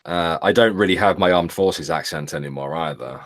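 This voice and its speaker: A man with an English accent hosting a casual streamed chat show, telling stories with lively swearing. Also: low voice, a little fast. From England. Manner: swearing, animated storytelling. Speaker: streamer host.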